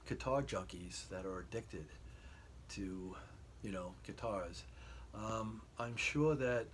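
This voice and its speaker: A man's voice: fairly low pitch, slight background noise. A middle-aged man chatting casually as a guitar vlogger, rambling with lots of fillers. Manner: rambling, hesitant with many fillers. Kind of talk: casual storytelling. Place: bedroom.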